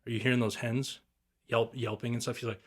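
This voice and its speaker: A man's voice: mid-range voice, level tone, brisk. Laid-back man telling hunting stories. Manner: rambling, laid-back storytelling with swearing and mimicked turkey calls. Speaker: guest turkey hunter. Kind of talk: casual podcast chat.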